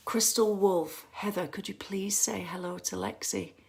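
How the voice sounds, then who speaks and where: A woman's voice: medium pitch, steady tone, a little slow, vocal fry. A woman hosting a casual fan livestream from home on her phone camera, chatty and rambling with lots of ums and restarts.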